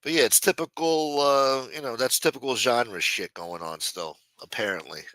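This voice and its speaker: Here a man hosts a livestream at a moderate pace, his mid-range voice carrying a sharp tone over a dry recording. He chats casually with viewers, cursing along the way and voicing the quotes in the stories he recounts.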